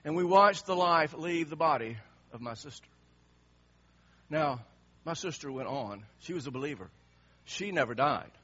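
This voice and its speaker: A man preaching a sermon as a pastor, emotional and swinging from soft to loud. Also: a little high, lively intonation, moderate pace, breathy edge. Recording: slightly muffled sermon recording.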